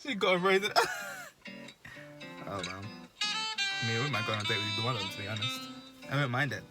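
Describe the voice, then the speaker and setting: A man's voice: medium pitch, very animated, a little fast, over loud music. A British man hosting a reaction video, chatting casually with slang and frequent laughter.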